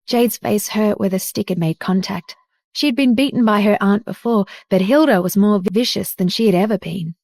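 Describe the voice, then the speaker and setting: A woman reading a romance audiobook in steady scripted narration. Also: mid-range voice, dry recording, clean studio sound.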